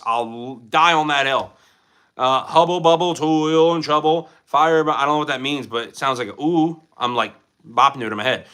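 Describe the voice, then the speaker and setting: Male streamer, bright lively voice, jokey, answers chat from a room at home. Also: fairly high pitch. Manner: animated, jokey, reacts to chat questions. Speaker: livestreamer reading chat. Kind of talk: casual livestream chat. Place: room at home with collectible figures.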